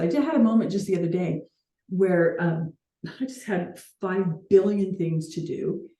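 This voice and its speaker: A woman's voice: on the low side, dark tone, roomy sound. A woman hosting a coaching call, talking earnestly and reflectively with light laughs now and then.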